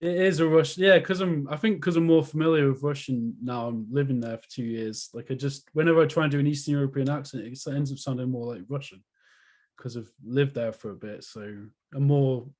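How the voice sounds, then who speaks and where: A man's voice: medium pitch, fairly quick, a little mellow. A man from the UK chatting casually in a group video call, rambling and laughing often as he talks about his story. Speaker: author reading his story.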